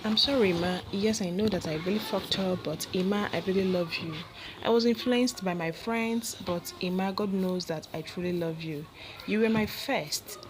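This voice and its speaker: A woman's voice: mid-range voice, normal speed, background noise, close to an everyday voice. A woman reading the lines of a bruised, remorseful young woman who apologizes through tears. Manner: apologetic, tearful.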